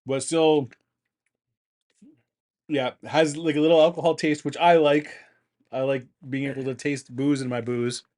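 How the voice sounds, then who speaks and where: A man's voice: medium pitch, steady tone, measured pace, pauses often, darkish tone. A man co-hosting a casual chat show who laughs often and mockingly paraphrases a radio guest. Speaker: co-host.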